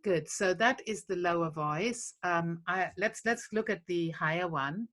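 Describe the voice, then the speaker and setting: A woman's voice: fairly low pitch, unhurried, a bit bright, soft background music. A woman leading a lullaby workshop, patiently explaining a song step by step and breaking off to sing phrases. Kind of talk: teaching a song to a group.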